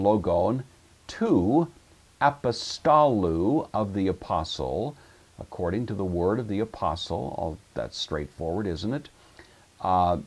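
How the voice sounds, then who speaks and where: Slow, low-voiced man teaching Greek. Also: a little mellow, husky. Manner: methodical, talks through each step aloud. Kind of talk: recorded language lesson.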